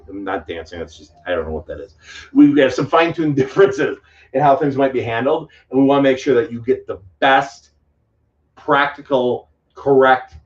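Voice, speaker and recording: A man coaching on credit repair in a live question-and-answer stream, blunt and emphatic, rambling between points with sudden loud outbursts. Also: mid-range voice. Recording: distant mic, dull muffled sound.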